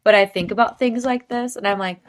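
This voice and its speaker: A woman co-hosts a podcast in casual conversation, dropping quick, chatty asides. Her voice sits at a middle pitch. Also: steady tone. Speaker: podcast co-host. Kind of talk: casual chat.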